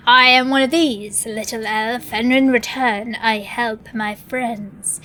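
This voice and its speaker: A woman's voice: fairly high pitch, a bit bright, slight background noise, low-quality recording. A woman voicing a cruel, mocking male orc overseer, delivering clipped, sneering threats.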